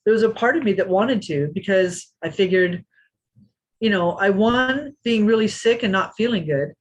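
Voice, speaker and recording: Husky woman in her 50s telling fight stories, animated, does little voices. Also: medium pitch, normal speed, muffled recording. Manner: animated, acts out quotes. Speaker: interview guest, former kickboxing champion. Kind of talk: storytelling in a podcast interview.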